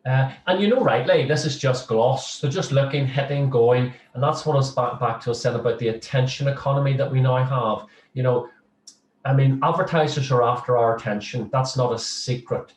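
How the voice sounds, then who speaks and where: A man's voice: medium pitch, fairly quick. Chatty, humorous male lecturer, roomy distant sound. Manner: chatty and humorous, with frequent restarts. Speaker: social work lecturer. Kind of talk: casual interview chat.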